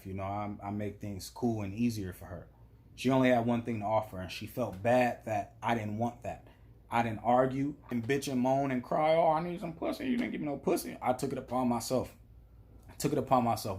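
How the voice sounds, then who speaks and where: A man's voice: mid-range voice, a little mellow. A man telling a story in a casual, blunt and profane monologue as a vlogger.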